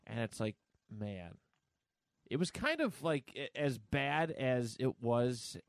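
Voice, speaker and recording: A man hosting a casual podcast, talking in a jokey, animated way. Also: medium pitch, slow pace, creaky, dry recording, studio quality. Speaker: podcast host. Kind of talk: casual chat.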